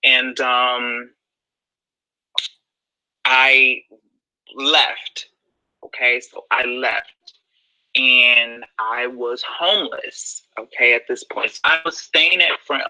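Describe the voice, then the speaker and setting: A young man telling a personal story in a casual, sassy, expressive way, full of slang. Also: mid-range voice, drawn-out words, pauses often, low-quality recording.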